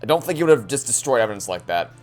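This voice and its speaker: Chatty woman with a very low voice. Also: sing-song, racing, darkish tone, faint music behind. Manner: chatty, joking, stumbling restarts. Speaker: let's play host. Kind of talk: casual gaming commentary.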